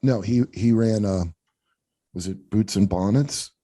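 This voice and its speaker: Comedian dude rambling thru a profane story, casual podcast chat, dead dry sound. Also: male voice, lowish voice, a little slow, warm tone, dry recording. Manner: profane, rambling anecdotes with acted-out quotes.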